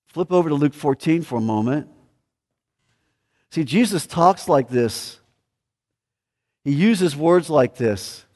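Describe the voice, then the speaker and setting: A man's voice: on the high side, lively intonation, takes it slowly, pauses often, a little mellow, long reverb tail. A man preaching a sermon as pastor, emphatic, rising and dropping in volume.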